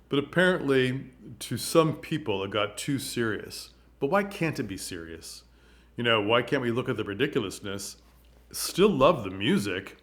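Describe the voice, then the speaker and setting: A man giving a casual spoken commentary on theater, animated and full of rhetorical questions, sometimes tripping over his words. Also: mid-range voice.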